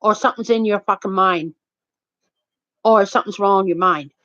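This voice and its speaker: A woman's voice: medium pitch, fairly bright tone. Rambling older woman, lo-fi. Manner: rambling, halting, profane. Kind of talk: casual rambling monologue.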